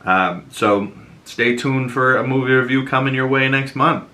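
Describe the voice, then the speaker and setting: Chatty bright-voiced man with Boston accent. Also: medium pitch, moderate pace. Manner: rambling, loose and chatty, lots of fillers. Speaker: podcast host. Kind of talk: casual commentary.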